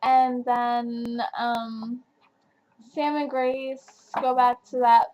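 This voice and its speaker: High-voiced chatty young woman vlogger. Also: little pitch movement, drawn-out words, lo-fi sound. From New Jersey. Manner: chatty, filler-heavy, gushing. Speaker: book reviewer. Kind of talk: casual vlog book review. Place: home, at night.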